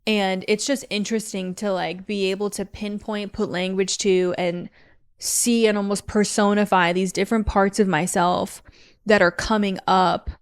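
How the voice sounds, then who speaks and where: Candid young woman with a smooth voice. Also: medium pitch, flat delivery, moderate pace. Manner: candid, confessional, many "like" fillers. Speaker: podcast host. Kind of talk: personal faith talk.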